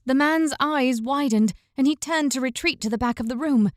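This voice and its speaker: A woman with a high voice reads a fantasy audiobook in a measured, even storytelling manner. The recording is close and dry, with no room sound at all. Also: dry recording. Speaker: audiobook narrator. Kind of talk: scripted fantasy audiobook narration.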